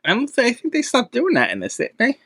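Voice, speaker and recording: A man's voice: extremely high pitch, wildly swooping pitch, fast talker, gravelly, fairly bright tone, no room sound, clean studio sound. A young man co-hosting a casual movie review podcast, teasing and questioning his partner. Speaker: podcast co-host.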